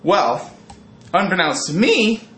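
A man's voice: high voice, sing-song, takes it slowly, fairly bright tone, roomy sound. A man animatedly telling a profane story, saying "dude" constantly. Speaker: band member telling a tour story. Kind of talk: casual storytelling.

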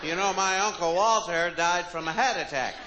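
An American man doing stand-up comedy in an animated, mocking, playful way. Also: high-pitched, moderate pace, dull audio, a crowd in the background, noisy background. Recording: live show with loud audience laughter. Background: audience laughing.

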